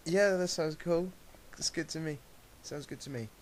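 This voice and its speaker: A man hosting a casual gaming Q&A while playing, friendly and quick to laugh. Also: fairly high pitch. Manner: friendly, laughs often, asks questions. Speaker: host of a gaming Q&A series. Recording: hissy home mic recording.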